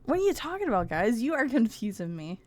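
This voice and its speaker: A woman's voice: on the high side, darkish tone, dry recording. A woman streamer in casual, sarcastic livestream commentary, rambling and giggling often.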